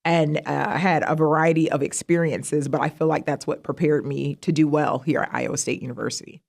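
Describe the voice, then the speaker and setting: A middle-aged woman, a university vice president, telling stories in a casual interview, animated and jumping high in pitch when she quotes herself. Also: brisk. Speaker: guest, university vice president of student affairs.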